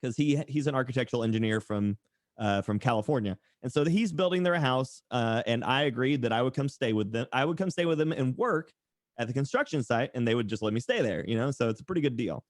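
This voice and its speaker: A man's voice: mid-range voice, fast talker, no room sound, clean studio sound. A man from East Tennessee with a faded Southern accent, a podcast guest telling sarcastic stories and acting out the people in them. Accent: Southern American, mostly faded. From East Tennessee, USA. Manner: animated storyteller, sarcastic, acts out quoted people. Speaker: podcast guest, tattoo artist and streamer. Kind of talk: casual interview storytelling.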